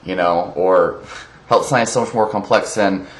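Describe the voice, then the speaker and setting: A man's voice: deep voice, moderate pace. A man ranting in a casual vlog, heated, sarcastic and profane, wired on coffee. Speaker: vlogger. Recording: roomy echo.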